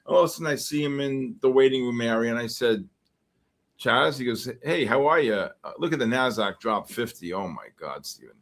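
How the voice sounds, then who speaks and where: A Bronx man with a medium-pitched voice, talking a little fast, hosts a live futures trading stream. He reacts excitably to the market and greets viewers from the chat by name in bursts.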